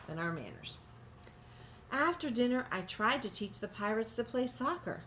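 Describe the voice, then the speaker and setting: A woman reading a children's picture book aloud, adding gentle asides for young listeners. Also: fairly high pitch, very animated, moderate pace, background noise. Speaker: storybook reader.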